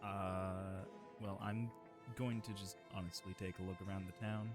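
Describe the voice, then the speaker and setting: A man's voice: deep voice, little pitch movement, normal speed, soft background music. A man playing a tabletop game, speaking in an easygoing, hesitant way. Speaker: player.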